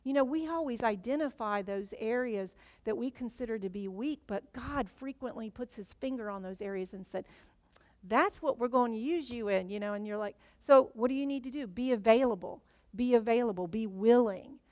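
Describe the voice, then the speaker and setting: A middle-aged woman preaching a sermon, talking it through casually with fillers and restarts. Her voice sits a little high, and the sound is close and dry with no room echo. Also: brisk, few pauses, dark tone. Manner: conversational, many fillers and restarts.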